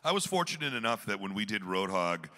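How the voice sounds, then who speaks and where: A man on a convention panel, explaining his approach in a relaxed, chatty way. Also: lowish voice, quick pace. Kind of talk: casual convention panel answers. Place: large convention hall. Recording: echoey hall reverb.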